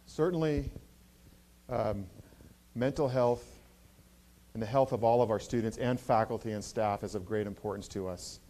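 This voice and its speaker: A man speaking as a university president answers audience questions at a campus address in a university event hall. He is earnest but halting, with frequent hesitations and many fillers. His voice is medium-pitched and mellow.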